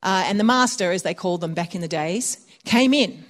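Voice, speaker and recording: A woman's voice: lowish voice, lively intonation, a little fast. Chatty woman preaching a sermon. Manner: conversational, laughs often. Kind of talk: sermon with personal storytelling.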